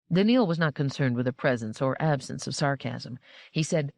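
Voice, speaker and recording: A woman narrates a science fiction novel in a measured, plain manner. Her voice sits close and dry, with no room sound around it. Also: extremely low pitch, darkish tone, dry recording. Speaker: audiobook narrator. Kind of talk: scripted narration.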